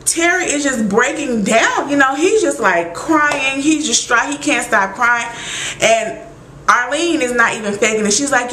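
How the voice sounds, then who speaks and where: A woman recapping a TV episode in casual chat, animated and exclaiming as she acts out her own reactions. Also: sits high, normal speed, echoey room, a little hiss or hum, poor audio.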